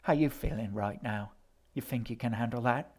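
Sneering bully boy with false cheer, read by a male narrator, menacing and slow at times. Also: mid-range voice, darkish tone, close to an everyday voice. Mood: mocking. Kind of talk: audiobook character voice.

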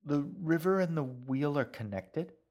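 A man voicing a curious young girl in a storybook reading, asking slow, wondering questions in a raised voice. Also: a little high, lively intonation, darkish tone, pitched above the performer's own voice. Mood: puzzled.

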